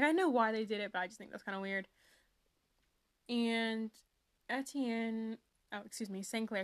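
This is a young woman with a slightly high voice, chatting casually as a podcast host. She rambles through her thoughts, doubling back with asides and plenty of "like." Her delivery is relaxed and conversational, the way she would talk about a favorite book. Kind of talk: casual book review chat.

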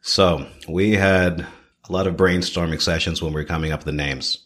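A man in his thirties from Canada, a chef telling his story in a podcast interview with expressive swings and repeated phrases. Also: low voice, normal speed. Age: 30s. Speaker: chef, guest.

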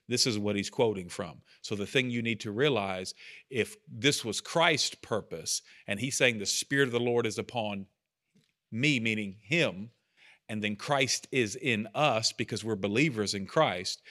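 A man's voice: fairly low pitch, sharp tone. A man leading a Bible study group, teaching casually and with enthusiasm, often asking the group questions.

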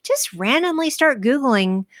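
A woman hosting a podcast, ranting in an animated, chatty way with quick asides. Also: high-pitched, no room sound, studio quality. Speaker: podcast host. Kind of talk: casual podcast chat.

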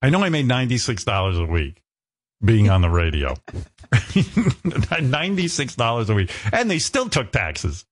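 A man's voice: mid-range voice, very animated, normal speed. A male talk show host telling a story in a rambling, self-mocking way, with some swearing. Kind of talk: casual talk show chat.

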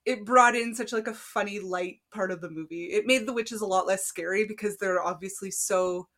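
A woman co-hosting a casual movie review podcast, chatty and quick to laugh, with plenty of fillers. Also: mid-range voice, a bit bright. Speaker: podcast co-host.

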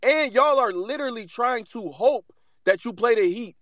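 A man's voice: extremely high pitch, expressive, normal speed, fairly bright tone, no room sound, clean studio sound. A man calling in as a rival fan, arguing in a combative, insistent way. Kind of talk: heated casual argument.

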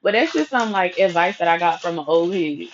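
A woman's voice: lowish voice, lively intonation, a little fast, slight background noise. A woman casually telling a personal story, chatty and profane, with asides to her listeners. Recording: dull lo-fi recording.

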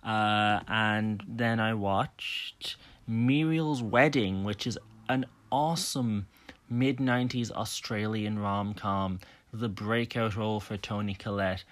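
A young man with a fairly low voice hosts a podcast and talks through films in a casual review. He is opinionated and enthusiastic as he recommends and pans his picks. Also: slow. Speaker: podcast host. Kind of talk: casual film review monologue.

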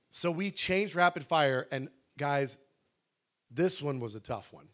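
A middle-aged male pastor with a high, bright voice tells his story in an animated, conversational way. He slips into dialogue often and restarts his sentences along the way. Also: a little slow. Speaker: pastor telling a testimony.

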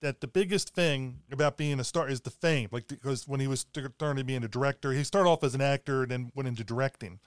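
A man's voice: mid-range voice, quick pace, few pauses, smooth, no echo, clean studio sound. A male podcast host interviewing an actress, asking questions in the manner of an eager fan. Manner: enthusiastic fan, lively questions. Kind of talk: casual interview chat.

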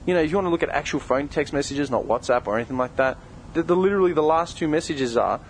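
A man's voice: fairly high pitch, fast, a little hiss or hum, low-quality recording. A young man who co-hosts a podcast, delivering a heated, confrontational rant full of swearing. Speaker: podcast co-host. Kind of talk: angry direct-address rant.

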